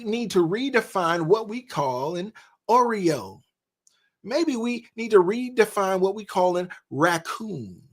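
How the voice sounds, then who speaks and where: Lively preachy male commentary host. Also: high voice. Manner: preachy, folksy, laughs at himself. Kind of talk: commentary show.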